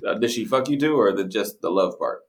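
A young man co-hosting a podcast, joking crudely, swearing and laughing easily. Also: on the low side. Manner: animated, swearing, quick to laugh. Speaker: podcast co-host. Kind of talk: crude casual banter.

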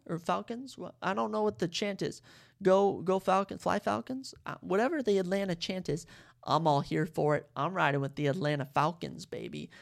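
A podcast host giving sports picks in casual chat, excitable and rambling, often correcting themselves. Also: mid-range voice, vocal fry. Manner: excitable, fired-up fan talk; rambling, self-correcting asides.

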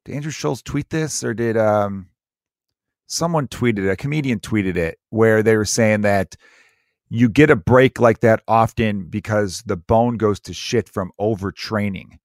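A man in casual chat, rambling with many restarts and turning animated when he quotes other people. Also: on the low side, measured pace, no echo, clean studio sound.

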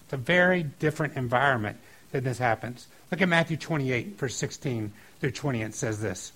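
A middle-aged man preaching a sermon as a pastor, talking in an earnest, conversational way that gets lively and loud at times. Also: medium pitch, fairly quick, husky, poor audio.

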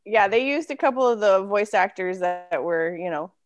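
A woman's voice: medium pitch, lively intonation, moderate pace, lo-fi sound, faint music behind. A woman co-hosting a podcast in casual chat, teasing and laughing often. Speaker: podcast co-host.

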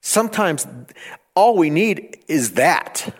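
A man preaching a sermon, stammering and repeating phrases, rising toward near shouting at times. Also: on the high side, sing-song, slow. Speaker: pastor.

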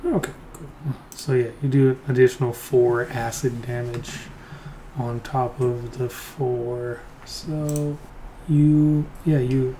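A man's voice: mid-range voice, flat delivery, slow pace, warm tone. A man runs a tabletop game as game master, narrating in a hesitant way with frequent fillers and restarts. A faint noise sits under his voice.

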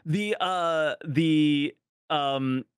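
A man's voice: a little high, drawn-out words, clear, resonant tone, dry recording. A man from New Jersey, a streamer guest on a podcast, chatting casually in a rambling, self-deprecating way.

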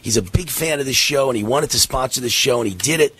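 A man's voice: medium pitch, fast, husky. A man hosting a talk radio show, out of breath and tired, rambling with lots of fillers. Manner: rambling, energetic, many fillers.

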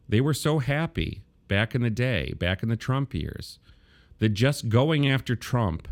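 A man hosting a podcast, delivering a political commentary monologue with wry, sarcastic asides. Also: mid-range voice. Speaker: podcast host.

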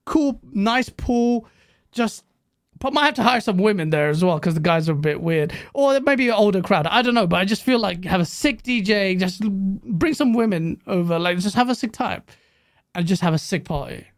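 British man, podcast guest, casual chat, animated storyteller, swears freely, dry sound. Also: high-pitched, moderate pace, no echo.

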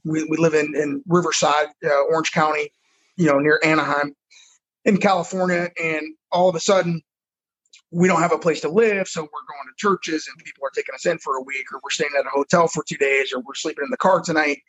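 A man's voice: on the high side, fairly even intonation, fairly quick, fairly bright tone, slightly rough, rough recording. A middle-aged man, a football coach, telling his own life story frankly and earnestly in a conversation. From United States. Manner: earnest, frank storyteller who repeats words as he goes.

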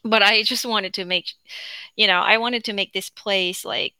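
Young korean lady rambling on her home podcast, bright voice, dry close sound, lots of ums. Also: mid-range voice, steady tone, normal speed, clean tone, dry recording. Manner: rambling, chatty, frequent fillers and self-corrections. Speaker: podcast host. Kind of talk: unscripted casual monologue. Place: at home with her dog beside her.

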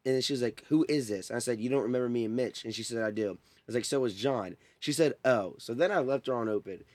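A young man telling a story in casual chat, animated and laughing often as he goes. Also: mid-range voice, fast talker, no echo. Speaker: podcast host.

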